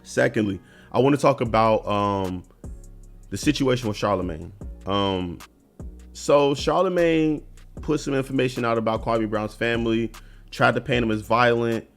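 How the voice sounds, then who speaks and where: A man hosting a solo commentary video, talking earnestly and conversationally, often restarting his sentences and filling pauses with um and uh. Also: mid-range voice, gravelly, faint music behind. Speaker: commentary channel host.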